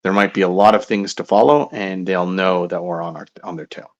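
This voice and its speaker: A man playing a tabletop game who talks deliberately, laying out plans for the group. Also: deep voice, muffled recording. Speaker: player.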